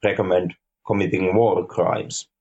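A man co-hosting a podcast, reviewing a film in casual chat, halting and repeating words, with dry dark humor. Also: sits low, flat delivery, highs cut off. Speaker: podcast co-host.

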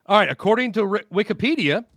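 A man's voice: sits high, animated, quick pace, fairly bright tone. A man co-hosting a podcast game as a contestant, easygoing and laughing along. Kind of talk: casual joking banter.

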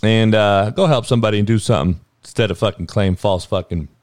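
A man hosting a podcast, delivering a blunt, heated, profanity-laced sports rant that climbs into yelling. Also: lowish voice, fast talker, dry recording, studio quality. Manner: blunt, heated, swearing, rising to a yell. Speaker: podcast host.

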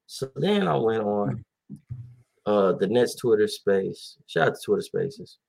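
A man's voice: lowish voice, expressive, measured pace, vocal fry, a little mellow. A man hosting a casual talk show, rambling animatedly with many fillers and acted-out quotes. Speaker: podcast host. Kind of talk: casual chat about basketball.

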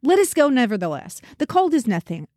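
A woman's voice: high-pitched, very animated, a little fast, a little mellow, no echo, studio quality, voice pushed up. A woman doing a drunk, eager man. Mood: insistent. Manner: eager, exclaiming. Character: drunk excitable male wine lover.

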